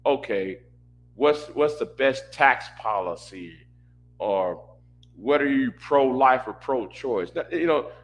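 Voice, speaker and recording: A man's voice: mid-range voice, animated, takes it slowly. A man in a casual rant, exasperated and repetitive, stumbling over restarts. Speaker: commentator reacting to a panel stream.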